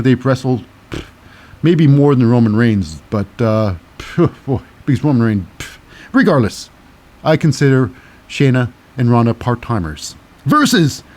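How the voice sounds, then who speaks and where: A man's voice: medium pitch, a little mellow. A man hosting a casual wrestling recap podcast with a cynical, wry manner and many fillers. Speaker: podcast host.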